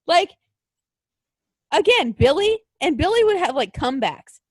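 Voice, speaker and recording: A woman's voice: high-pitched, big pitch swings, unhurried, no room sound, studio quality. A young woman co-hosting a wrestling podcast, ranting and swearing in exasperated casual chat. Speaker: podcast co-host.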